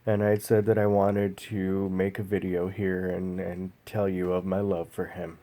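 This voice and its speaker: A man vlogging a personal story in a slow, halting, emotional way, pausing often. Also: low-pitched, little pitch movement, mellow.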